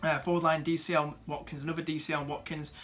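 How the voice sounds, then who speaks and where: With faint music playing behind him, a young fantasy football YouTuber rattles quickly through his viewers' teams, loose and conversational. He has a bright, rather high male voice, leans heavily on fillers, and calls people "mate" and "dude."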